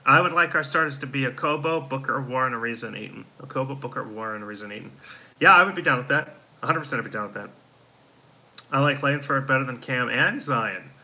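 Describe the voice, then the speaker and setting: A man with a strikingly bright, sharp tone hosts a casual live stream. He talks in a worn-out, deflated way, reading viewer comments aloud and answering each one. His pitch sits in the middle. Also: low-quality recording. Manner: frustrated, deflated fan talk. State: tired, yawning. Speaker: host of a live fan show.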